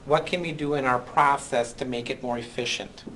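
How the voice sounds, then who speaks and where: A man's voice: mid-range voice, steady tone, normal speed, a bit bright, slight background noise, low-quality recording. A man teaching a college class, lecturing with frequent ums and "right?" checks. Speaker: college accounting instructor.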